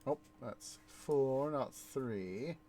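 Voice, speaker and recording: Warm in tone and very slow, this streamer's medium-pitched voice has lively intonation, with a little hiss or hum in the recording. He chats casually over a city-building game, telling a rambling story full of fillers and restarts.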